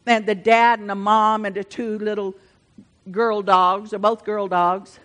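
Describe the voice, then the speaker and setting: A woman's voice: little pitch movement, a little slow. An older woman preaching a sermon, moving between fervent, building passages and chatty asides with the congregation. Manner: swells louder and higher when preaching, drops to chatty asides with the congregation.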